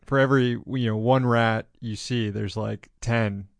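A man's voice: medium pitch, steady tone, measured pace, vocal fry, no room sound, clean studio sound. A male podcast host talking casually in an interview, reflective and cursing offhandedly.

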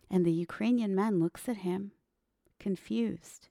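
A woman's voice: mid-range voice, takes it slowly, gravelly, dark tone, dry recording, clean studio sound. A woman hosting a podcast, telling a story in an earnest, reflective monologue and speaking straight to the listener. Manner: earnest, addresses the listener directly. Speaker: podcast host.

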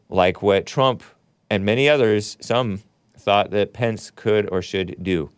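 A man's voice: on the low side, slow pace, clean tone, no echo. A male talk show host riffing casually, joking asides to viewers and reading out chat comments.

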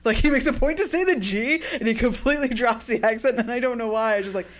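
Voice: medium pitch, fast. A podcast co-host speaking casually and chattily, peppering talk with fillers. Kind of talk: casual discussion.

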